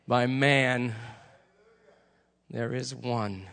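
A man's voice: medium pitch, slow, long pauses, long reverb tail. A male preacher telling stories during a sermon, in a chatty, conversational way with asides to the congregation.

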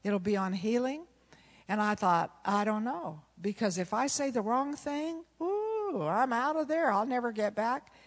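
A woman with a fairly high voice preaches with animated storytelling, acting out both sides of a conversation and laughing as she goes. Her voice carries a long reverb, as if recorded in a large hall. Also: measured pace. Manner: animated, acts out dialogue, laughs often. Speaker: pastor's wife and preacher. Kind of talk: sermon with storytelling.

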